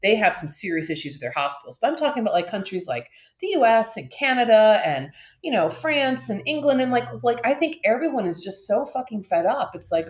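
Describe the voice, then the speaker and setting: A woman's voice: a little high, sing-song, a little fast, hardly any pauses, roomy sound. A woman co-hosting a podcast who rants in a frustrated, rambling way, full of fillers and swearing. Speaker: podcast co-host. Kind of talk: casual ranting chat.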